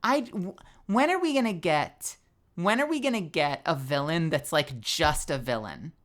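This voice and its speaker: A woman's voice: low voice, animated, normal speed. A young woman streamer with a tired, strained voice, chatting animatedly, laughing and swearing freely. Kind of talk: casual stream outro chat.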